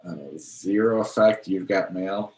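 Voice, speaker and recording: Deep-voiced male host in a roomy space. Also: steady tone, unhurried, a little mellow. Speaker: podcast host. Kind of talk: casual podcast chat. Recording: roomy with faint background noise.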